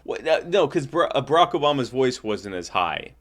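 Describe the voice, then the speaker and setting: A man co-hosting a casual political podcast, riffing with dry sarcasm. His voice sits at an ordinary middle pitch, and he keeps breaking into mock impressions of the people he is talking about. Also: very animated, moderate pace. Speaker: podcast co-host.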